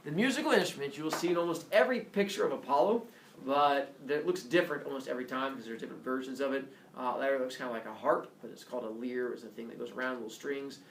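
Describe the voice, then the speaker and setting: A man's voice: mid-range voice, fast talker, distant mic, a little hiss or hum. A male teacher animatedly telling myths to his class and acting out the characters, recorded from afar in a classroom. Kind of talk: classroom myth storytelling. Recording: roomy classroom heard from afar.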